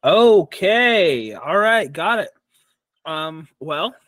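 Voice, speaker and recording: A man narrating as dungeon master in a tabletop game, halting with many fillers and restarts. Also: a little high, big pitch swings, a bit bright, dry recording.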